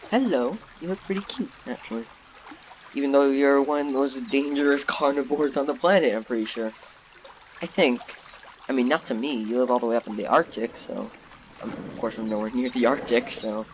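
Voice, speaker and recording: A young man giving casual, rambling commentary while playing a zoo game, getting excited easily. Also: mid-range voice, fairly quick, slight background noise. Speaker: gaming YouTuber. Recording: background game music.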